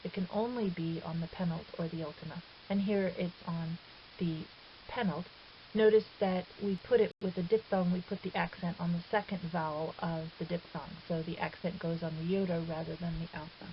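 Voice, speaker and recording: A woman's voice: fairly low pitch, steady tone, moderate pace. A woman teaching a recorded grammar lesson, explaining step by step in a patient, methodical way. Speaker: Greek teacher. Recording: dull lo-fi audio with faint hiss.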